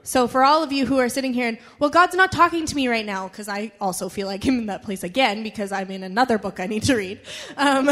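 A woman with kids giving an animated personal testimony to her church congregation. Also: on the high side. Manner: animated, quick storytelling. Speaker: church member sharing testimony.

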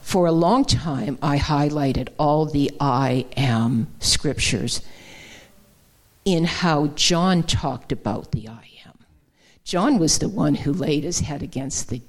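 A woman's voice: sits low, slow pace. A woman giving a conversational, folksy sermon, with many fillers and restarts. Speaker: guest speaker. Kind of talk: informal sermon.

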